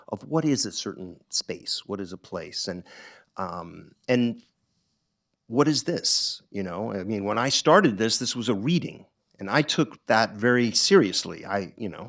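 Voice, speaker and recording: With a lowish, fairly bright voice, a middle-aged author talks to a bookstore audience. His delivery is thoughtful but halting, often restarting and filled with ums.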